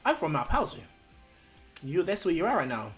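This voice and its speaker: A man's voice: a little high, huge pitch swings, moderate pace, faint music behind, pitched above the performer's own voice. A man voicing a cheerful, naive young boy who talks in an eager, friendly way.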